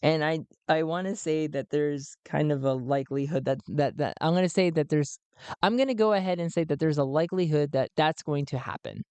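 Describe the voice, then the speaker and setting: A man's voice: on the high side, fairly quick, darkish tone, clear, resonant tone, dry recording. A man narrating and rolling dice in a solo tabletop game, thinking aloud and often restarting his sentences.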